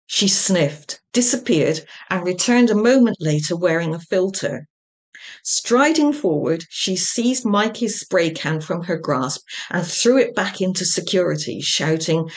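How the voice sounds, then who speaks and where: Slow, wry woman reading her novel. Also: on the low side, lively intonation. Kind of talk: audiobook-style reading of a comic novel.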